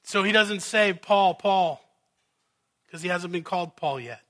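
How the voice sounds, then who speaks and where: A man preaching a sermon, rising to loud emphatic peaks and dropping to quiet, intimate asides. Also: high-pitched, measured pace.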